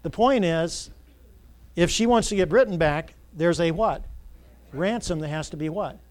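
A male pastor preaching a Sunday sermon, asking the congregation to fill in words and building to loud, emphatic passages. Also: fairly high pitch, measured pace. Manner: call-and-response questions, rising to loud emphatic preaching. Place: church sanctuary. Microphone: church sound system mic.

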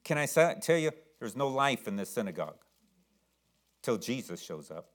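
A man's voice: mid-range voice, sing-song, normal speed. A man preaching a sermon as pastor, emphatic, repeating words and asking the congregation questions.

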